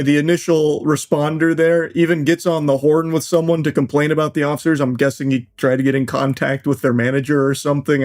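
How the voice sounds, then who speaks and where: A man in his thirties giving crude, sarcastic commentary on a news clip in a deadpan way. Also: fairly high pitch. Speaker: commentary host.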